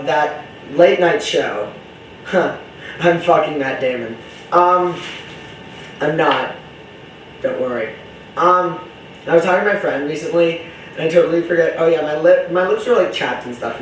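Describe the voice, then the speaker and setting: A man's voice: fairly high pitch, a bit bright, far from the mic, slight background noise. A young man rambling in a casual vlog monologue, chatty, campy and profane, jumping between topics. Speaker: vlogger. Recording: roomy echo, voice from off-mic.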